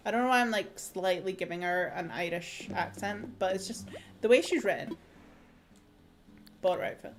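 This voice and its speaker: A woman's voice: mid-range voice, moderate pace, long pauses, music in the background. A woman livestreaming a game, chatting casually, reacting aloud and laughing easily. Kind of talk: casual gameplay commentary.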